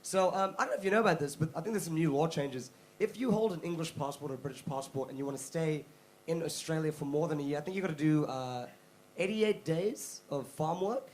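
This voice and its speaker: High-voiced young comedian with a faint hum. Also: male voice, brisk, rough recording. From South Africa. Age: young adult. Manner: animated storytelling, breaks into mock voices. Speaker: stand-up comedian. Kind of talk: stand-up comedy set. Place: comedy club stage.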